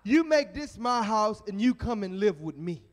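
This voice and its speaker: Firm, emphatic jesus done by a preacher, high voice, long church echo. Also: male voice, sing-song, normal speed, a little hiss or hum. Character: calm, authoritative Jesus as houseguest. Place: church sanctuary. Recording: echoey church sanctuary.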